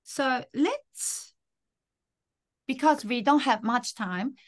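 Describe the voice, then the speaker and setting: A woman whose first language is Japanese, tutoring an adult student in English and patiently modeling phrases slowly. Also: sits high. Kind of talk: one-on-one English lesson.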